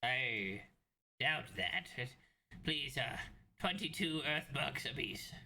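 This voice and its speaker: A man's voice: mid-range voice, animated, slow, gravelly, crowd noise. A man playing a dry, dismissive male clerk at a beach kiosk in a tabletop game.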